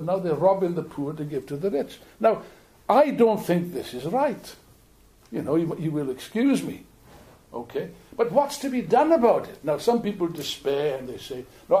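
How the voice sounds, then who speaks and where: An older man from Wales with a Welsh accent, giving an animated, joking political speech to an audience in a meeting room. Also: high voice. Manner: animated, jokey, repeats words while building points. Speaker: political speaker.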